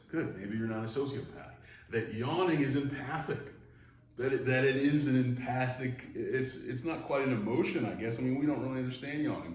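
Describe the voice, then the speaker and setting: A man giving a psychology lecture in a conversational, digressive way, acting out quoted voices as he goes. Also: medium pitch. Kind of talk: recorded online lecture. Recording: echoey room, mic far off, faint noise.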